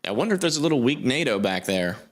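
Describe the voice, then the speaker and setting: A young man talks through a live storm stream in a loose, offhand way, full of "uh"s as he reads the radar. His pitch sits mid-range for a man. Faint music plays behind him. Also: sing-song, quick pace. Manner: informal, thinks aloud, many fillers. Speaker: storm chaser livestream host. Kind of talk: live weather commentary.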